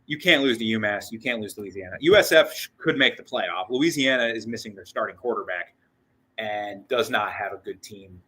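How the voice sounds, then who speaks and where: A man with a bright, forward voice talks through a casual postgame show as its host. He rambles excitedly, restarting sentences and doubling up on words, and he sounds a bit out of breath. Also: on the low side, fairly quick, husky, low-quality recording. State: short of breath. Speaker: sports podcast host.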